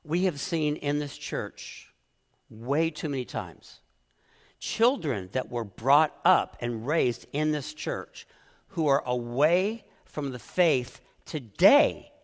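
A middle-aged man delivers a heartfelt sermon as pastor, his voice a touch higher than most men's. He is earnest and emotional and stumbles into restarts as he presses his point. A long reverb from the church hall follows his words.

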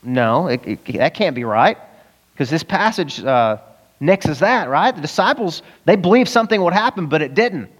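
A man pastor preaching an animated sermon, acting out voices with sudden jumps in pitch. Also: moderate pace, husky. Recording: long reverb of a church hall.

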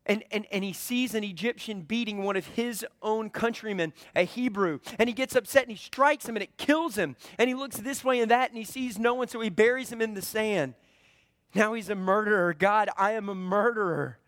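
A man's voice: sits high, fairly quick, a bit bright, dry recording. A man preaching a sermon, retelling a scripture story with drama and voicing its characters.

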